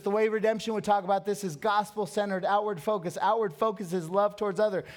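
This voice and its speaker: A man preaching a sermon as a pastor, earnest and emphatic, dropping to a soft, hushed voice in prayer. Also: high voice.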